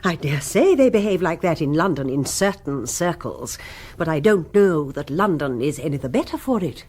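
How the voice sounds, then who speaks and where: A woman's voice: deep voice, expressive, normal speed, darkish tone, slightly rough. An actress playing a haughty, snobbish woman who reigns over village society, speaking in a lofty, precise, affronted way. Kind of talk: radio drama acting.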